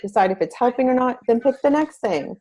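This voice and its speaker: Middle-aged mom chatting earnestly as a guest, kinda high voice, warm mellow tone. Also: female voice, animated, brisk, rough recording. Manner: earnest, talkative with many restarts. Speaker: guest, parent advocate. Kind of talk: interview talk.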